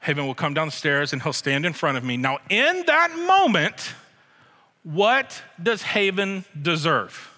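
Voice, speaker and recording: A man preaching a sermon as pastor, emphatic, slowing down and repeating his key phrases. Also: on the high side, sing-song, sharp tone. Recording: long hall reverb.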